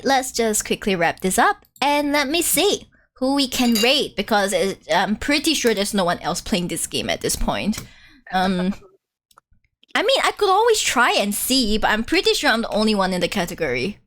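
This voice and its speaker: A woman's voice: medium pitch, a bit bright. A woman game streamer chatting casually during a live playthrough, giggly and full of fillers. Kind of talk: casual live-stream chat over gameplay.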